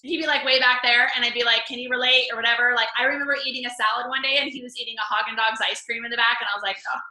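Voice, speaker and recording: A woman coaching a group in casual talk, chatty and animated, telling stories full of "like". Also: fairly high pitch, very fast, roomy sound, rough recording. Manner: chatty, animated storytelling with lots of "like". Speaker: fitness coach leading a group call.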